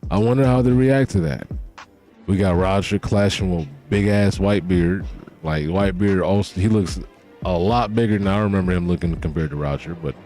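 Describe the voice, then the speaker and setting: A man's voice: deep voice, darkish tone. A man giving casual reaction commentary on a manga chapter, talking loosely in slangy, profane speech.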